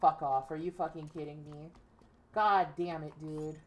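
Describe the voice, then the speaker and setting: A woman's voice: low-pitched, steady tone, a little slow. A young woman streamer giving casual gameplay commentary, ranting profanely and frustrated at the game. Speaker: gaming streamer.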